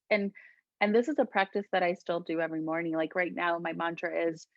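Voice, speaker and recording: A woman from Colombia, a guest healer, talking gently and reflectively in a casual interview, often laughing. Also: lowish voice, fairly even intonation, a little fast, no echo, highs cut off.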